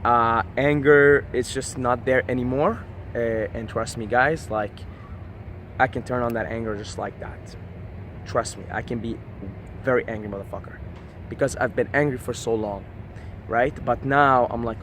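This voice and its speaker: A man's voice: mid-range voice, steady tone, normal speed, a bit bright. Man, casual vlog monologue, passionate, profane, faint city traffic noise. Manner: passionate, profane, repeats "right?". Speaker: vlogger. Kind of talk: casual motivational monologue to camera.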